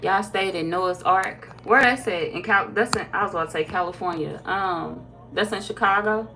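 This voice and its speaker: A woman's voice: medium pitch, moderate pace, sharp tone, a little hiss or hum. Laid-back woman chatting on a livestream. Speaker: tarot reader. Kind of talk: casual livestream chat reading viewer comments.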